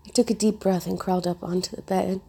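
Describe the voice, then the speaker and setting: A woman narrating a first-person story in a soft, hushed, intimate reading. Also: on the low side, level tone, a little fast, vocal fry, breathy edge.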